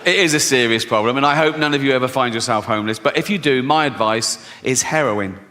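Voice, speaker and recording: A man's voice: mid-range voice, quick pace. A man performing stand-up comedy, telling crude, sardonic stories full of swearing. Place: live comedy venue on stage. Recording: live hall reverb, faint noise.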